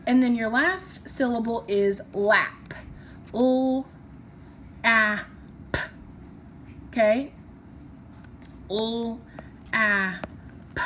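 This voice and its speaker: A woman with a slightly high, somewhat bright voice teaches a phonics lesson, patiently sounding out syllables and letters one at a time. There's slight background noise.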